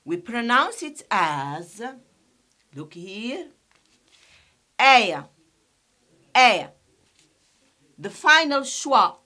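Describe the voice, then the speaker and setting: A woman teaching an English pronunciation lesson, slowly and deliberately, repeating each sound for her students and explaining some points in Arabic. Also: on the high side, big pitch swings, bright, forceful tone. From Algeria.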